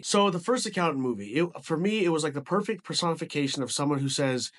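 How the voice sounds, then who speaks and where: A man's voice: a little high, fast, few pauses. A man giving a casual movie review, rambling with frequent restarts and casual swearing.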